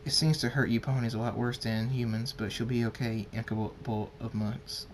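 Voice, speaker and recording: A man's voice: medium pitch, level tone, normal speed, a little hiss or hum, natural voice. A man voicing an easygoing male doctor who speaks in a casual, wry manner. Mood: calm.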